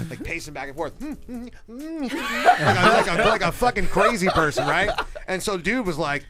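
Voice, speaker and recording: A man telling a wild story in casual chat, animated and profane and laughing as he goes. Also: fairly high pitch, a little slow, over loud music.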